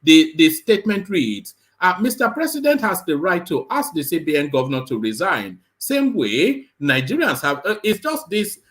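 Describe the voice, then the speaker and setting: A man hosting a live show, reading a news report aloud and breaking off with halting, sarcastic comments full of fillers. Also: on the high side, sing-song, fairly bright tone. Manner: halting, many fillers and repeated words; sarcastic asides.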